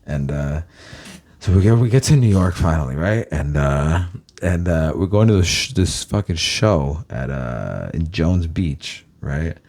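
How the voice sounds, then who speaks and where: A man's voice: a bass voice, lively intonation, unhurried, darkish tone. A man from Los Angeles with a Californian American accent, rambling to his viewers in a casual, profane monologue full of "guys". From Los Angeles, USA. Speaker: vlogger.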